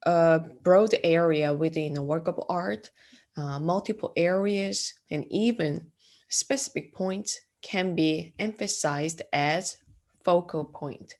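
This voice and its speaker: A woman gives an art lecture in a classroom. She speaks slowly and a little low, pausing on fillers and often clearing her throat as she goes. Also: darkish tone. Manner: slow and hesitant, with frequent fillers and throat clearing. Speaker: art teacher.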